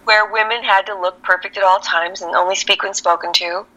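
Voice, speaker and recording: A woman from Texas with a Californian accent, an actress speaking candidly as an interview guest and telling animated, reflective stories with easy laughter. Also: medium pitch, brisk, muffled recording. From El Paso, Texas. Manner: animated, reflective storyteller who laughs easily.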